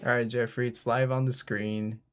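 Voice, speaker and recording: A man's voice: mid-range voice, flat delivery, moderate pace, clear, resonant tone. A man hosting a casual live election stream, joking and teasing his co-hosts between remarks. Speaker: livestream host.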